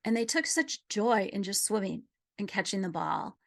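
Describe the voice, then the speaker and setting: A middle-aged woman gently telling a personal story in a reflective conversation, dropping at times to a near whisper. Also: mid-range voice, sing-song, moderate pace. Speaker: guest sharing a personal story.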